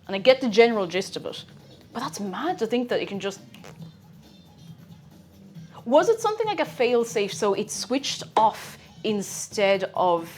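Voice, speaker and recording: A young woman streamer chatting casually and rambling while she cooks, with frequent exclamations. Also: mid-range voice. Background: faint music.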